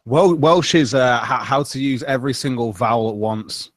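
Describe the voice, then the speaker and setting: A man's voice: medium pitch, normal speed, no room sound. A man guest on a casual online chat who keeps laughing through his words.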